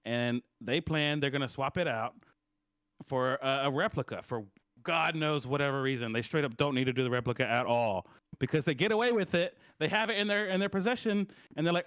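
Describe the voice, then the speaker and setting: A man's voice: mid-range voice, a little fast, fairly bright tone, clear, resonant tone, no room sound. A man co-hosting a casual film review podcast, talking in a profane, rambling way and checking in with "right?". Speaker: podcast co-host.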